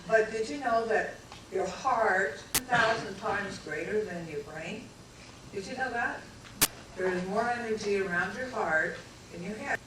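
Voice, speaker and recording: A woman giving an inspirational talk to a live audience, telling her story slowly and heartfelt, then teasing the crowd playfully. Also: medium pitch. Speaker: guest speaker. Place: large echoey hall. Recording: roomy hall from far off with background noise.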